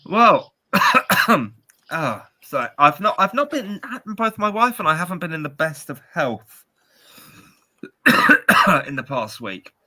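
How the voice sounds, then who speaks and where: A man's voice: a little high, big pitch swings, slow, long pauses, bright, forceful tone. A British man in his forties co-hosting a podcast, telling rambling, self-mocking stories in casual chat. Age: 40s. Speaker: podcast co-host.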